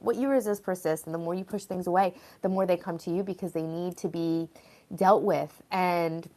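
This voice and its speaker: A woman's voice: medium pitch, darkish tone. A woman hosting a live stream, chatting casually in an earnest, rambling way and encouraging her viewers. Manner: rambling, earnest, filler-heavy. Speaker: host of a live stream tapping series.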